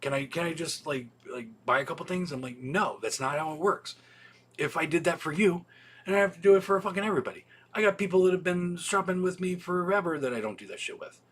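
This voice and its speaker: A man's voice: fairly high pitch, fast talker, fairly bright tone, husky. A man hosting a casual livestream for his video store, rambling and swearing freely, with many ums and restarts.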